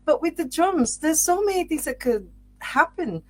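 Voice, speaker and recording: A woman podcast host with a fairly high voice asks her questions in a loose, rambling way. She often stops to search for words and fills the gaps with "like" and "you know.". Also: lively intonation, normal speed, a little mellow. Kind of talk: casual interview chat.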